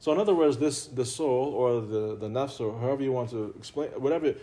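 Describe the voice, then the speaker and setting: A man's voice: mid-range voice, fairly quick, warm tone. A man giving an informal spiritual talk to an audience, conversational and playful, often laughing and repeating himself. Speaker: religious teacher.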